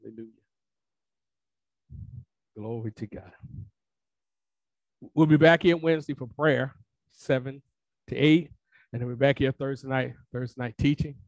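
A man's voice: mid-range voice, fairly even intonation, a little slow, pauses often, dry recording, muffled recording. A man preaching a sermon as pastor, emphatic and colloquial, repeating phrases for emphasis. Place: church sanctuary.

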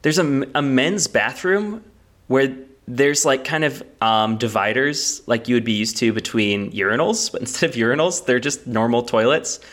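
A man co-hosting a casual comedy podcast, rambling through goofy bits with plenty of ums and likes. His voice sits at an ordinary middle pitch. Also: normal speed, a bit bright. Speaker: podcast co-host.

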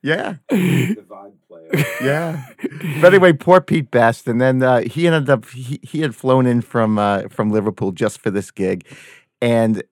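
Animated storytelling man, dry sound. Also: medium pitch, a little slow, pauses often, dry recording. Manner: animated storyteller, acts out quoted voices, laughs often. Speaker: band member guest. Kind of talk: casual anecdote telling.

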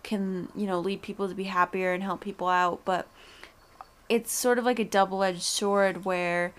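A woman's voice: medium pitch, steady tone, moderate pace. Young female co-host, mid-range voice, easygoing musing chat with blunt asides. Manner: thoughtful, hedging, blunt at times. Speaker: podcast co-host. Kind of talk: casual chat.

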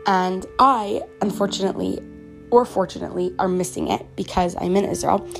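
A woman's voice: medium pitch, a little fast, gravelly. Teenage girl, from Canada, podcast host, slightly sick, chatty, earnest, lots of fillers, faint music behind. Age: teens. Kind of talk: casual personal podcast monologue.

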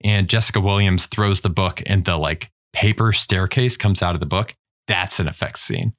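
A man's voice: sits low, normal speed, a bit bright. A man co-hosting a podcast in casual chat, blunt and wry, with casual swearing. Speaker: podcast co-host.

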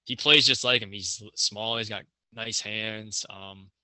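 Bright-voiced young man rambling casually. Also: on the low side, steady tone, unhurried, no echo. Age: young adult. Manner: rambling, many fillers and restarts. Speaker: college hockey player guest. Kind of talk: casual podcast chat.

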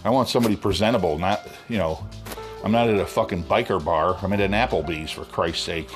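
Low-voiced man, swearing through a rant. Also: a little fast, over music. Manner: blunt, swearing, exasperated complaining. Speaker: vlogger telling a restaurant story. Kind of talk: profane storytelling rant.

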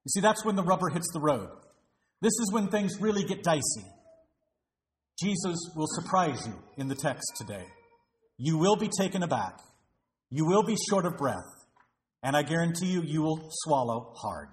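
With a sing-song voice on the high side and a moderate pace, a man preaches to his congregation as pastor. His delivery is emphatic and full of rhetorical questions, captured in a church with a roomy echo.

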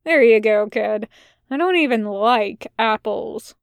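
Sardonic male demon, drawling and teasing, read by a woman, dry close sound, slightly high. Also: slow pace, vocal fry, no echo. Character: wry sardonic male demon, laid-back.

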